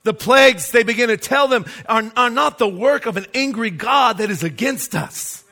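A man's voice: extremely high pitch, moderate pace, sharp tone. A man preaching a sermon as pastor, emphatic and asking the congregation rhetorical questions.

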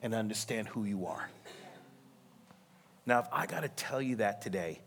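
A man preaching a sermon, telling a story with lively acted-out voices and calling out to the congregation. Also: lowish voice, moderate pace, vocal fry, slight background noise. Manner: animated storytelling, acts out voices, laughs, calls to congregation. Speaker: pastor.

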